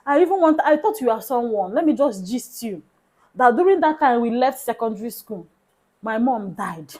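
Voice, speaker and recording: A woman with a Nigerian accent telling a personal story in a casual, animated way, sometimes dropping into soft hushed tones. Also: on the high side, moderate pace, low-quality recording. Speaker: vlogger.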